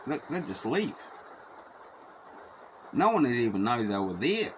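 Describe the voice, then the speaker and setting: A man's voice: medium pitch, sing-song, a little slow, fairly bright tone. A man telling a story in a rambling, profane, repetitive way. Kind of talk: casual spoken anecdote. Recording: noisy background.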